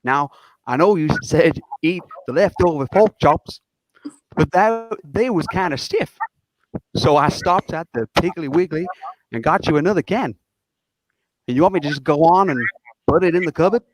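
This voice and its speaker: A man's voice: on the high side, animated, normal speed, pauses often, no room sound, close to an everyday voice, poor audio. A man reading a film scene with a put-on Southern US accent, voicing a humble, polite male employee. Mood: deferential. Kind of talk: reading a film scene over a video call.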